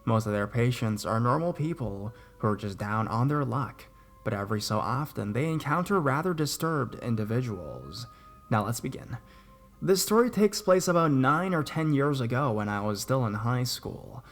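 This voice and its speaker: Gravelly-voiced young man telling horror stories. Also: mid-range voice, big pitch swings, normal speed, faint music behind. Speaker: horror story narrator. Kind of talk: scripted horror story narration.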